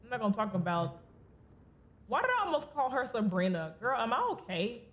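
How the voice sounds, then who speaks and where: A woman's voice: fairly high pitch, big pitch swings, fairly quick, fairly bright tone, slight background noise. A woman streamer giving chatty, giggly commentary while playing a video game and talking back to its characters. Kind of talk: casual gameplay commentary. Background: faint game music.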